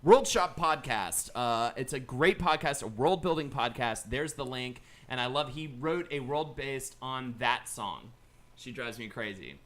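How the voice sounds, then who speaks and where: A man hosting a live stream, chatting casually and loosely with plenty of swearing while pitching donations. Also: expressive, unhurried, a bit bright. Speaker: stream host.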